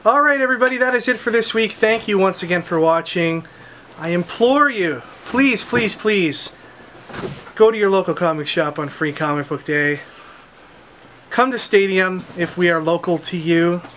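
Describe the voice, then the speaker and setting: A man with a notably high voice hosts a comic shop's weekly unboxing. He runs through each item in eager, upbeat salesman patter, like a shop regular showing off new stock. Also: brisk, a bit bright, a little hiss or hum. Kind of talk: product showcase chat.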